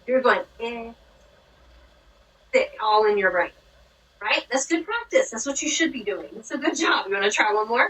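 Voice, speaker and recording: A woman's voice: on the high side, lively intonation, normal speed, long pauses, fairly bright tone, recorded from a distance, rough recording. A woman with a Southern US accent from Georgia, teaching a child phonics, patiently explaining and praising. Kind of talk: one-on-one reading lesson.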